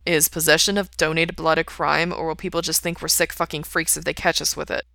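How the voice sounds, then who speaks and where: A woman's voice: deep voice, level tone, fairly quick, gravelly, bright, forceful tone, no room sound, exaggerated voice. A woman reading aloud and voicing a blunt, sarcastic man with a dry, grumpy way of talking.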